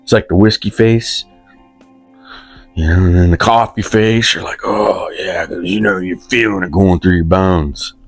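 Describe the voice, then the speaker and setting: A man's voice: deep voice, steady tone, moderate pace, soft background music. A man, telling a rambling, self-deprecating comic story in loose country talk. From West Virginia, USA. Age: 50s. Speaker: comedic storyteller.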